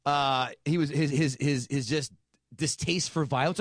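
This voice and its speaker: A man's voice: fairly high pitch, steady tone, measured pace, no echo, studio quality. Rambling, cursing male podcast host. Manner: rambling, profane, restarts a lot. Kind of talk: casual chat.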